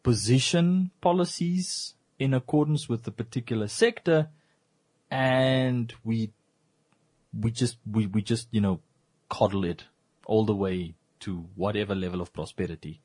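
A man's voice: lowish voice, unhurried, a little mellow. A man from Namibia co-hosting a casual radio talk show in a joking, teasing way. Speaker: co-host.

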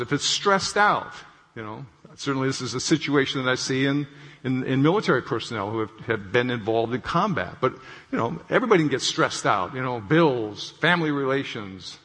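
A man's voice: fairly high pitch, fairly bright tone, breathy edge. A man explaining how stress affects the brain, in a conversational manner, often checking in with "okay?" and telling everyday stories to make his point. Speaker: clinician speaking on stress. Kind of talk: explanatory talk with acted anecdote. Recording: long hall reverb.

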